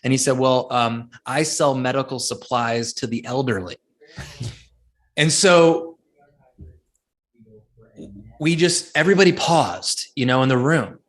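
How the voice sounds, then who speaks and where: A man's voice: mid-range voice, a little slow, long pauses. A man, a guest speaker and author, telling stories in an interview, acting out the people he quotes and often restarting his sentences. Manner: animated storyteller, acts out quoted people, many restarts. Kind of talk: storytelling interview answers.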